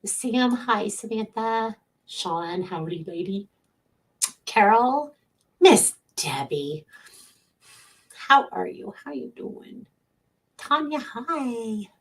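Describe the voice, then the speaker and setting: Woman, middle-aged, psychic medium host, casual livestream chat, unhurried, chatty, laughs easily. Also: fairly high pitch, animated. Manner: chatty, greets viewers by name, laughs often.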